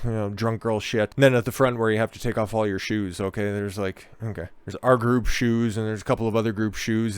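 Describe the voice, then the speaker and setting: A man's voice: on the low side, clean tone, dry recording. A man giving crude, profane, rambling commentary and stories, often tagging his sentences with "okay?". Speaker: online commentator. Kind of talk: ranting commentary and storytelling.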